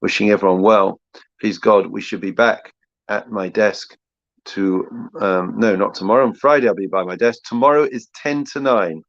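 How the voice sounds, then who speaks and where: A man's voice: lowish voice, normal speed, dry recording, highs cut off. A man from England giving a short sermon as a rabbi, telling stories with many restarts. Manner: warm storytelling, frequent restarts.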